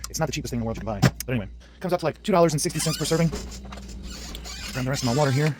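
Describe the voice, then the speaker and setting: Fast-talking young man vlogging. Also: medium pitch. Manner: chatty, rambling, quick bursts. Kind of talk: casual vlog chat. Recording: clear background noise.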